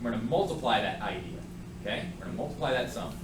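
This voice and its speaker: Man, math teacher in a classroom, animated and joking, swinging pitch, echoey room with faint noise. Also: fast talker. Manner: joking, lively, asides to students. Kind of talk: classroom lecture.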